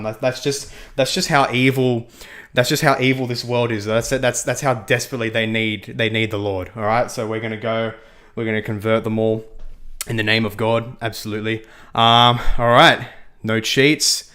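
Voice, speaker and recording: A man's voice: medium pitch, steady tone, normal speed, a bit bright. A young man chatting casually while livestreaming a game, rambling, repeating himself and laughing often. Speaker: livestream host. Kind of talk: casual gaming livestream chat.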